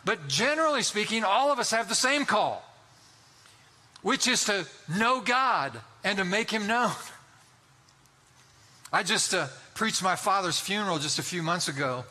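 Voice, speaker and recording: A man's voice: high-pitched, expressive, a little slow, long pauses, sharp tone. A man in his sixties preaching a sermon, telling folksy stories and urging his listeners on with emphatic exhortations. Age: 60s. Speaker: pastor.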